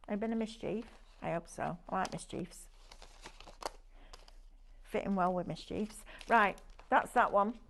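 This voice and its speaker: A woman's voice: mid-range voice, normal speed, vocal fry, pauses often, slight background noise. A woman presenting a live shopping show, chatty and gushing as she praises each product. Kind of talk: live sales demonstration.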